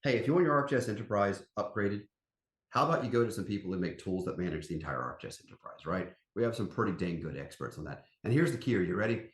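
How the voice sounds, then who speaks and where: Man, podcast guest, folksy, emphatic, very animated pitch, roomy echoey sound. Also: quick pace. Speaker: company CEO, podcast guest. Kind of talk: casual interview chat. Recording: roomy echo.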